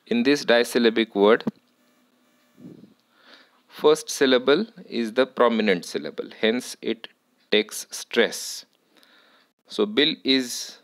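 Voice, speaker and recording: A man giving a university lecture, explaining slowly and deliberately with frequent pauses. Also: medium pitch, fairly bright tone, no room sound, rough recording. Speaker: English lecturer.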